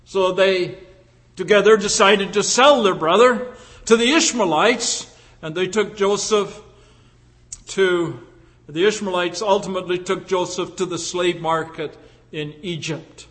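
A man preaching a sermon as pastor, slow and deliberate, with many rhetorical questions put to the congregation. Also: high-pitched, fairly bright tone. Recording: long reverb in a large hall.

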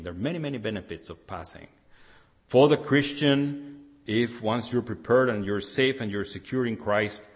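Low-voiced man preaching in a reverberant hall. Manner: earnest, repeats and restarts phrases for emphasis. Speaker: pastor. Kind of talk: sermon.

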